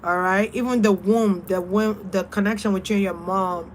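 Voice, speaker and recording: A young adult woman spiritual reader talking in a casual vlog, blunt, animated and freely profane. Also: medium pitch, moderate pace, slight background noise.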